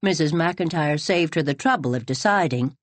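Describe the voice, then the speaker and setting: A woman with a fairly low voice reads an audiobook in a calm, measured storytelling style. The sound is dry and close, with no room around it. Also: no room sound. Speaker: audiobook narrator. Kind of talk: scripted audiobook narration.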